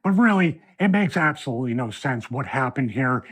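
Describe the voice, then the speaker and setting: A man hosting a video breakdown from his home studio, analyzing a wrestling match in an animated way that builds toward a rant. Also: mid-range voice, fairly quick, slightly rough.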